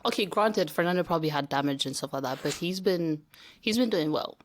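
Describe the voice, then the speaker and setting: A woman guesting on a podcast in casual chat, ranting with animated exasperation. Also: on the low side, brisk, slight background noise.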